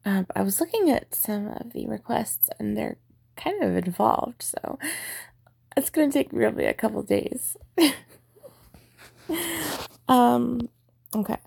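A woman's voice: fairly high pitch, lively intonation, takes it slowly, gravelly, long pauses, a little mellow, slightly rough. A woman chatting casually to listeners about fulfilling a role-play request, rambling and self-deprecating with many hesitations.

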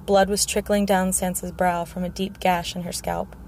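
A woman reading a fantasy audiobook in a steady, measured narration with a gravelly voice. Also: on the low side, a little hiss or hum. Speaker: audiobook reader.

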